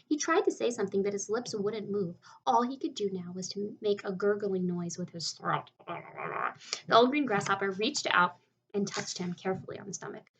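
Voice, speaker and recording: Expressive woman reading a children's book. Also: medium pitch, distant mic, slight background noise, rough recording. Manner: expressive storytelling. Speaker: narrator. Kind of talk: audiobook reading of a children's novel.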